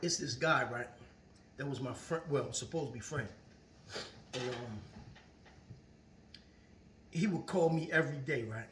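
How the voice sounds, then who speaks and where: A man's voice: medium pitch, a little slow, pauses often, heavy background noise. A man vlogging a casual motivational monologue, earnest and preachy, often repeating his phrases. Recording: roomy echo, far from the mic.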